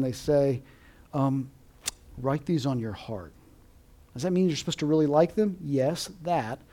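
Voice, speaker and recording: A man teaching a Bible class, lecturing lively and asking his listeners to repeat Hebrew words, with frequent checks of "okay?". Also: on the high side.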